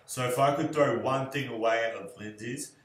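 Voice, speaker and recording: A young man answering questions about his fiancée in a relaxed, rambling way, with many fillers. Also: mid-range voice, moderate pace. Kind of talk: casual video answers. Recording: echoey room.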